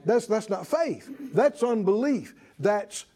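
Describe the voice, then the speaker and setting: A man preaching a sermon in an animated way, asking the congregation to answer back and mimicking worried voices. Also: sits high, slow.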